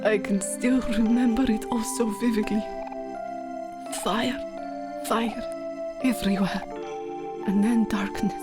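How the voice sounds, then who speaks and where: Brief: grandiose lonely alien artist in a mock French accent voiced by a woman, high and unhurried, game music underneath. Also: level tone. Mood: dramatic. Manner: theatrical put-on French-ish accent, drifting. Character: pompous lonely alien egg-like male artist. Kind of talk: reading game dialogue aloud.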